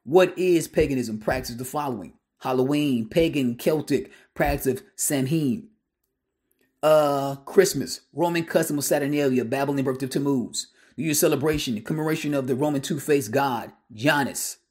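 A man's voice: medium pitch, normal speed, darkish tone. A man preaching in a monologue, emphatic and blunt, firing rhetorical questions at his listeners and mixing street slang into his sermon.

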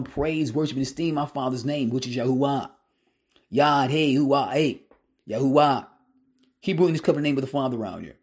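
A man's voice: mid-range voice, a little mellow. A man preaching in a monologue, emphatic and blunt, firing rhetorical questions at his listeners and mixing street slang into his sermon.

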